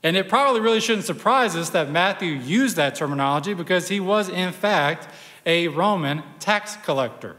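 A pastor preaching a sermon, telling the story in a conversational, animated way with personal asides. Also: male voice, high-pitched, moderate pace, in a large hall.

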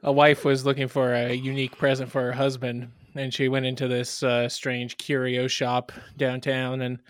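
Male podcast co-host, mid pitch, dry sound, deadpan joke-teller. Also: moderate pace, dry recording. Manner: deadpan joke delivery with restarts. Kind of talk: casual joke-telling chat.

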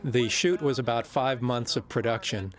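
Relaxed man on a commentary track. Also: medium pitch. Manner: relaxed, with pauses and fillers. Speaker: film director. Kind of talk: film commentary.

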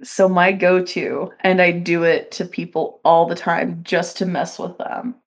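A woman co-hosting a podcast in casual chat, playful and quick to laugh. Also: on the low side, flat delivery. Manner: laughs easily, unhurried, playful. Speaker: podcast co-host.

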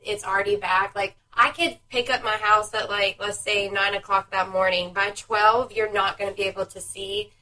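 A young woman chatting casually as a podcast co-host, an animated storyteller who swears freely. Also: mid-range voice, moderate pace, hardly any pauses, far from the mic, rough recording. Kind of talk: casual chat.

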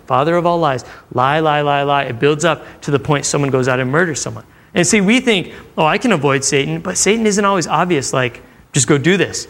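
Guy preaching to a room full of people, kinda high voice, super casual, keeps asking the crowd stuff. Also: fairly bright tone. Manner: conversational, acting out quotes, asks the crowd questions. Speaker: youth pastor. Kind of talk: sermon to a live audience. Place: church room with audience.

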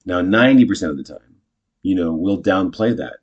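A man casually teaching improv, chatty and self-correcting, jumping into animated example lines. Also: low-pitched, fairly quick, breathy edge, highs cut off.

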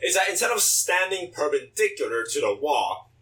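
A man with a Chinese accent tells stories casually on a podcast, his pitch swinging widely. His voice is bright, and he sits a little away from the mic. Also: normal speed, distant mic, low-quality recording. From China. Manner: animated, laughing storyteller. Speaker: podcast co-host.

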